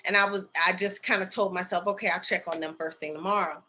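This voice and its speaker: A woman's voice: on the low side, steady tone, fast, pushed and bright. A middle-aged woman telling a personal story in a casual, chatty way, full of fillers and asides like "okay?" and "right?". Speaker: spiritual medium and healer sharing a story.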